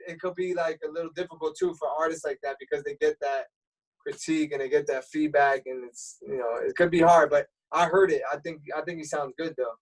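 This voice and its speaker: Radio DJ guest, male, streetwise and easygoing, slightly raised pitch, heard from a little off the mic. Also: fairly quick. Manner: relaxed, explanatory, streetwise talk. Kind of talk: casual interview chat. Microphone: remote call. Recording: voice a bit far from the mic.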